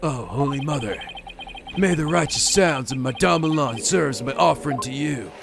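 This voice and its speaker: A man voicing a laid-back hippie monk musician with a slow stoner drawl and groovy slang. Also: on the high side, animated, gravelly, background noise, pitched below the performer's own voice. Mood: mellow. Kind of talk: video game voice-over reading.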